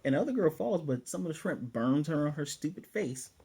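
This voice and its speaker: A man's voice: a little high, animated, fairly quick, dark tone, slightly rough. A man casually recapping an anime episode in a loose, chatty way, stopping now and then to find his place. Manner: loose, chatty retelling with fillers. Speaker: anime reviewer.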